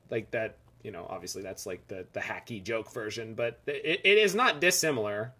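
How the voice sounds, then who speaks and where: A man's voice: fairly low pitch, lively intonation, normal speed, few pauses, pushed and bright. A man from Canada, giving casual, rambling commentary as he plays a card game on stream. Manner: rambling, chatty asides between plays.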